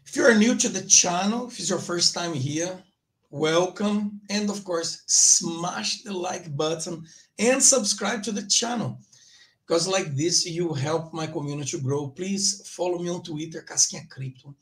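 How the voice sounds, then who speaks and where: A man's voice: sits high, measured pace, fairly bright tone. A man hosting his own crypto channel live, talking loosely and rambling, with frequent restarts. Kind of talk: casual livestream commentary.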